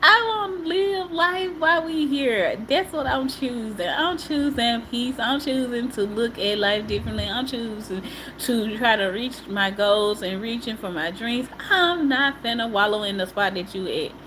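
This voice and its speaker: A woman's voice: fairly high pitch, measured pace, noisy background. A woman on a livestream giving an emphatic, repetitive monologue in casual colloquial speech, often breaking into laughter. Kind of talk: emotional live-stream monologue.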